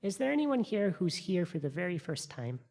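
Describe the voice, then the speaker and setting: A rabbi welcoming a congregation in person and online, then giving a short reflection with gentle humor. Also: male voice, high-pitched, big pitch swings, normal speed, gravelly. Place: synagogue sanctuary. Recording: long hall reverb.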